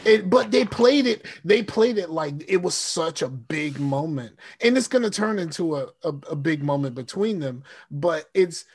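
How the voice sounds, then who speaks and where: A man's voice: fairly high pitch, lively intonation, normal speed, hardly any pauses, husky. A man co-hosting a casual TV recap podcast, rambling and profane, often restarting his sentences. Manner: rambling, profane, repeats himself. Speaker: podcast co-host.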